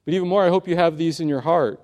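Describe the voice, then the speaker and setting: A man's voice: fairly high pitch, fast talker, a little mellow. A man preaching an earnest sermon, telling a story and pressing his points with rising emphasis. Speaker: pastor.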